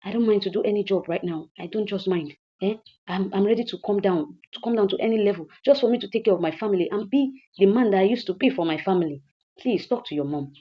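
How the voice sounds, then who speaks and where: A woman's voice: medium pitch, fast talker, husky, lo-fi sound, close to an everyday voice. A woman with a Nigerian accent voicing a troubled husband who pleads with his daughter while plotting revenge, in a movie recap. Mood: pleading. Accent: Nigerian English. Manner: repeats his lines, pleading.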